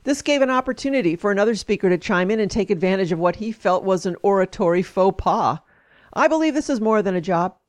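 A woman reads a long first-person essay aloud, leaning into its emphatic turns. Her pitch sits in a middle range for a woman, and her delivery is steady and spoken rather than performed. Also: fast talker. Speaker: speaker reading an essay aloud. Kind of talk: reading aloud, then commenting.

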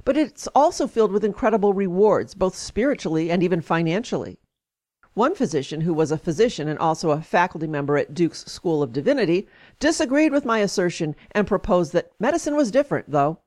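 Woman giving an expressive read-aloud. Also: lowish voice, fairly quick. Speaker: speaker reading an essay aloud. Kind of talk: reading aloud, then commenting.

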